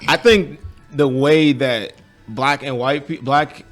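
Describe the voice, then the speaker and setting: A man co-hosting a podcast, reasoning his points aloud in an expressive way in casual chat. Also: mid-range voice, slow, faint music behind. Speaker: podcast co-host.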